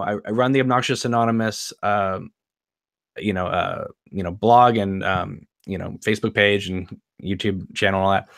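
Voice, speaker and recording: A man's voice: lowish voice, a bit bright, no echo, clean studio sound. A man hosting a podcast in casual chat, hesitant with many ums and you-knows. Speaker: podcast host.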